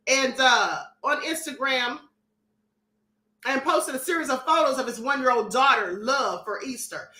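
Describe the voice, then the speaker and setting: A woman's voice: high-pitched, pushed and bright, roomy sound. A woman hosting a live-stream commentary show, reading chat comments aloud in a sassy, defiant and emphatic way.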